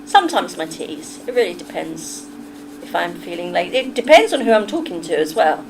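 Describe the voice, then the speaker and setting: A woman's voice: on the low side, big pitch swings, moderate pace, gravelly, poor audio. A middle-aged woman with a Kentish English accent, chatting casually and with firm opinions to her livestream viewers. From England. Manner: chatty, opinionated, talks straight to chat.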